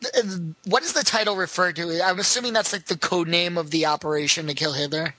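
A man's voice: sits high, steady tone, quick pace, pushed and bright, no echo, poor audio. A man in a casual talk, asking curious questions and using "like" often. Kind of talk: casual discussion.

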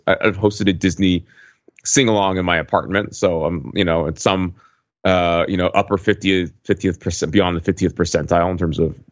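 Rambling man in his forties, low-pitched. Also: no room sound, dull audio. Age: 40s. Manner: rambling, heavy with fillers and restarts. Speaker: podcast host. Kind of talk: casual chat.

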